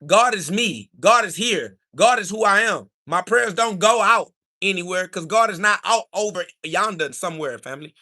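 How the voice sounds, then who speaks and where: Bright-voiced man ranting on a livestream. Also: sits high, lively intonation, moderate pace, few pauses. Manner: insulting, preachy, repetitive; rises to shouting when heated. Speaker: livestream host answering chat. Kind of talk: combative livestream monologue.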